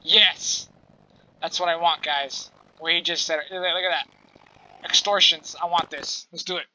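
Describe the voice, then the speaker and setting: A gameplay channel host provides casual let's-play commentary in a mid-range voice with a steady, sharp tone, and the highs are cut off. Talking straight to viewers, they get exasperated fast and swear freely.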